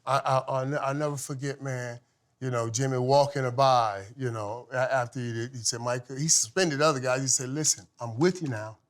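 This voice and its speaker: A middle-aged man, a former football player, telling lively stories as a podcast guest, laughing often and swinging from loud to hushed. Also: medium pitch, moderate pace. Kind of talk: animated storytelling in casual chat.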